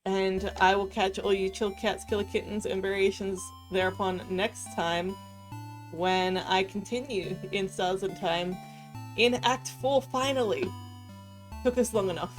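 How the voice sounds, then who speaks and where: A woman's voice: mid-range voice, fairly even intonation, a little slow, faint music behind, low-quality recording. A woman streamer giving casual commentary while playing a story game. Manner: chatty, reacts aloud, reads narration. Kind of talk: casual let's-play commentary.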